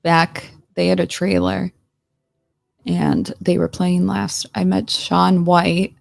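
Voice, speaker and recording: A woman's voice: on the low side, flat delivery, takes it slowly, creaky, dry recording, clean studio sound. A woman in a casual livestream chat, rambling and searching for names, laughing often. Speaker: streamer.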